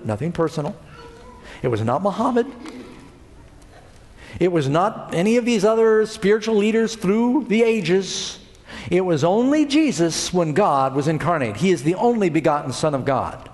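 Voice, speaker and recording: A middle-aged male pastor preaching a sermon in a church, with lively delivery and frequent rhetorical questions to his congregation. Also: high-pitched, normal speed. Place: church sanctuary. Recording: long hall reverb.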